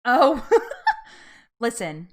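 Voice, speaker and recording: A woman's voice: fairly high pitch, big pitch swings, extremely slow. A woman hosting a live-stream chat, bubbly and effusive, laughing often and getting emotional. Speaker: livestream host.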